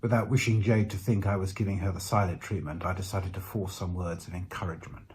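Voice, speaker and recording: A man narrating a first-person story aloud in a measured, reflective way with dramatic pauses. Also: low-pitched, steady tone, a little mellow, a little hiss or hum. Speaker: narrator voicing the lead character. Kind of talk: first-person audiobook reading.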